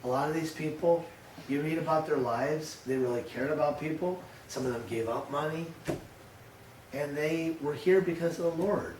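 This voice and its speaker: An older man, a pastor, giving a sermon with lively storytelling, acting out his grandson's voice. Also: a little high, background noise. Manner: storytelling, animated, acts out a toddler's voice. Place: church. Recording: echoey church room heard from a distance.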